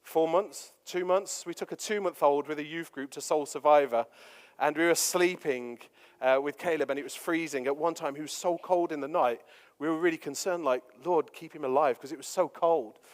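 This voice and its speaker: A man's voice: a little high, normal speed. A man, preaching a sermon full of jokey personal stories and fillers. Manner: jokey, anecdotal, lots of fillers. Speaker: pastor. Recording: long reverb of a large hall.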